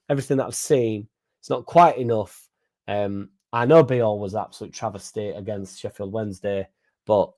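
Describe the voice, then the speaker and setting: A man's voice: fairly low pitch, a little mellow. A young man hosting a casual live stream, reading out comments, swearing freely and stumbling over names.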